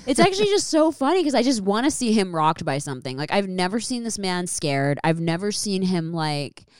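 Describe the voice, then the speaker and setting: A woman's voice: medium pitch, big pitch swings, brisk, a little mellow, clear, resonant tone, no room sound, clean studio sound. A young woman hosting a podcast, chatting candidly with lots of fillers. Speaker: podcast host. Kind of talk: casual chat.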